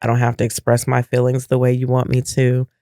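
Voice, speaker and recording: Gravelly middle-aged man, emphatic chat. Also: medium pitch, monotone, fairly quick, dark tone, no room sound, studio quality. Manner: emphatic, reflective, rhetorical questions. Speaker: podcast co-host. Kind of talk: casual podcast chat.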